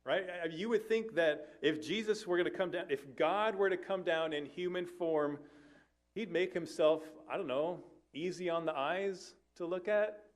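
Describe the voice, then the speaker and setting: A man's voice: a little high, moderate pace. A man, a family life minister, preaching an earnest sermon to a church, with conversational asides and occasional self-corrections.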